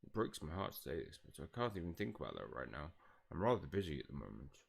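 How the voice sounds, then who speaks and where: A man voicing a cheerful, excitable male ghost friar in an eager, bubbly way, reading game dialogue aloud. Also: extremely low pitch, fast, vocal fry, slight background noise, pitched below the performer's own voice, exaggerated voice. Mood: excited.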